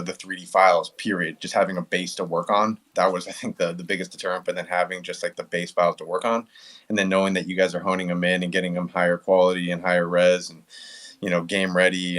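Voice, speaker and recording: A low-pitched man speaks in an even, flat tone, easygoing and upbeat about his work. He leans on fillers and soft restarts. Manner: relaxed, enthusiastic, many fillers like kinda and right. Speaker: independent 3D creator, guest speaker. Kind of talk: casual chat.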